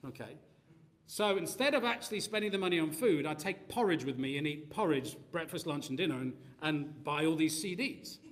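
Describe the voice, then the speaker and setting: A man preaching a sermon, animated and joking, mixing asides and sound effects into his talk. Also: a little high. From Australia. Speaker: pastor.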